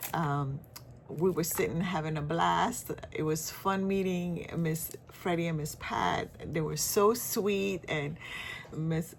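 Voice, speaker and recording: A woman's voice: deep voice, a little hiss or hum. Chatty rambling woman vlogger. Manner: chatty, rambling, laughs often. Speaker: cross-stitch vlogger. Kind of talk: casual chat.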